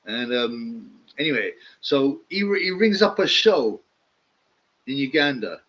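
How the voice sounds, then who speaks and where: A man with rambles through stories on his livestream, his pitch swinging widely as he laughs and mimics people. He talks at an unhurried pace, and the stream audio sounds dull and lo-fi. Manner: laughs often, lively storytelling with mimicked voices. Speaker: livestream host. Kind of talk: casual rambling storytelling.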